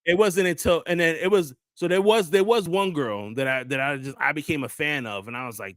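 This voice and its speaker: A man's voice: a little high, fast talker, hardly any pauses, a bit bright, no room sound, studio quality. A man, hosting a casual talk show and telling loose, slangy stories full of acted-out quotes. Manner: loose storytelling with crude slang, acts out quotes. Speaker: podcast host. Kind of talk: casual chat.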